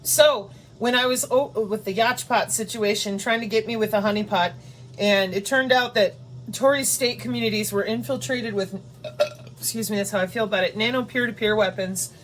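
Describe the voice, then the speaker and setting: A woman's voice: fairly high pitch, normal speed, a little hiss or hum. A woman hosting her own channel, delivering a profane, confrontational ranting monologue. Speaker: channel host.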